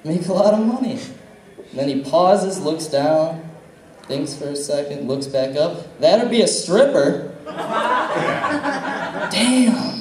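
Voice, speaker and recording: A man's voice: on the high side, lively intonation, takes it slowly, long pauses, a crowd in the background. Young man doing crude stand-up. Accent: Midwestern American. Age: young adult. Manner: casual, crude storytelling with acted-out dialogue. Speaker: stand-up comedian. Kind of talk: stand-up comedy set. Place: comedy club. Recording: echoey room, mic heard from a distance.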